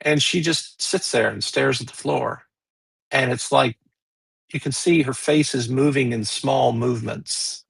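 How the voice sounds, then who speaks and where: A man's voice: mid-range voice, gravelly, a bit bright, slightly rough, no room sound, low-quality recording. A man narrating as game master of a tabletop game, rambling with many fillers and restarts.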